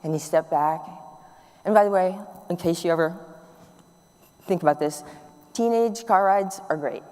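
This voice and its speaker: Speaking at a normal, smooth pace in a low-leaning voice, this middle-aged woman addresses an audience with lively, warm stories. She performs the dialogue as she goes, and the sound carries a long hall reverb.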